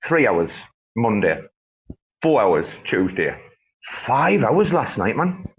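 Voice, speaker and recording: A man hosting a casual group chat who laughs often and swears freely through excitable banter. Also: mid-range voice, takes it slowly, rough recording. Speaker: host.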